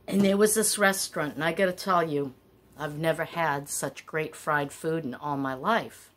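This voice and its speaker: A middle-aged woman telling stories in a chatty, wandering way with animated asides. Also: low voice, moderate pace. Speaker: vlogger. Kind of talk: casual storytelling.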